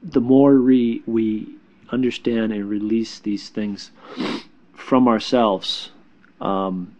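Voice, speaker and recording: With a steady tone and a voice on the low side, a little mellow, a man who works as a spiritual healer reassures listeners with casual spiritual advice. He halts often, repeats words, and leans on fillers. The audio sounds dull.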